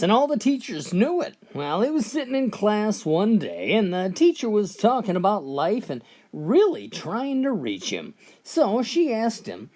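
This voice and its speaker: Animated woman telling jokes. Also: lowish voice, a little slow. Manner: animated countdown storytelling. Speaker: joke narrator. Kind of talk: scripted joke telling.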